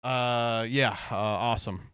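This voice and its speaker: A man's voice: medium pitch, fairly even intonation, slow, fairly bright tone, clean tone, no room sound, studio quality. A man streaming casual reaction commentary, rambling and swearing freely, with frequent laughs. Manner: rambling, profane, laughs often.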